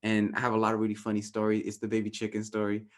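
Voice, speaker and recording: Man, fairly low voice, from Southern California, workshop facilitator, casual animated teaching, frequent "right?". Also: rapid-fire. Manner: animated, often ends points with a questioning "right?"; acts out inner voices in raised, playful tones. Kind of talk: casual teaching talk to a group.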